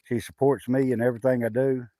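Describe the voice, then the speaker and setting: A man's voice: medium pitch, little pitch movement, mellow. Rambling Southern man chatting on a live stream. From Southwest Arkansas, USA. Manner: rambling, halting, many fillers and restarts. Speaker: homesteader livestreaming. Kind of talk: casual live-stream chat reading comments. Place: outdoors on a rural homestead.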